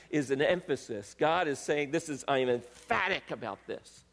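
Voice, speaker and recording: A man preaching a sermon, reading scripture aloud with rising emphasis and pausing to correct himself. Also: medium pitch, animated, fairly bright tone. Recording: long reverb of a large hall.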